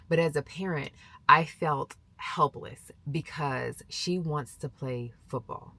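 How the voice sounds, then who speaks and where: Middle-aged woman vlogger, slight vocal fry, casual animated storyteller who mimics the people she quotes. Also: low-pitched, measured pace. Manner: animated, acts out quoted voices.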